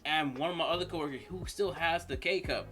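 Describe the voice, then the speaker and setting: A man's voice: on the high side, pushed and bright, soft background music. A man casually reacting to a comedy clip, laughing often and drawing out his words. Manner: laughing, drawn-out casual commentary. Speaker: reaction video host.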